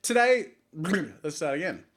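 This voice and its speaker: A man's voice: on the high side, animated, unhurried, fairly bright tone, slight background noise. A man hosting a casual vlog, self-mocking and fond of restarting his lines. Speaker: host.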